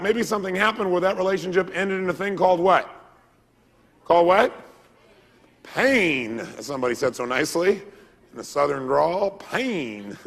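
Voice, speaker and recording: A man giving an energetic seminar lecture, quizzing a live audience with questions they answer back. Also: high-pitched, gravelly. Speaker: motivational speaker. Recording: long reverb of a large hall.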